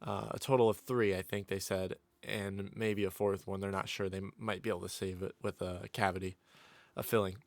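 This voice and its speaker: A man's voice: sits low, little pitch movement, a little fast, vocal fry, dry recording. A man hosting his own podcast, chatting casually and rambling with plenty of fillers and restarts, his voice a little sick. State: slightly sick voice. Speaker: podcast host. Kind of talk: casual solo podcast chat. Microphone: studio condenser microphone through a mixer.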